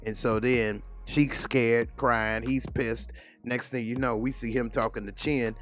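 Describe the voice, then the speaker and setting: A man's voice: mid-range voice, flat delivery, unhurried, fairly bright tone, soft background music. A man casually recapping a TV episode in a chatty, storytelling way. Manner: chatty, retelling scenes in voices. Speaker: TV episode reviewer.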